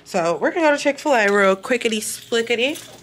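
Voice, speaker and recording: A young woman vlogging in a casual, chatty way, blunt and swearing freely, tired and a bit hoarse from losing her voice. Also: a little high, animated, a little fast, a bit bright, slight background noise. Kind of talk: casual vlog chat.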